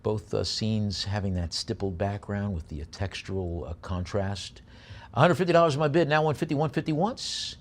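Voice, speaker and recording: A man working as an auctioneer, calling bids briskly and slowing down, with many "uh" pauses, to describe each piece. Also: on the low side, animated. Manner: brisk bid calling between slower item descriptions; many filler pauses when describing items.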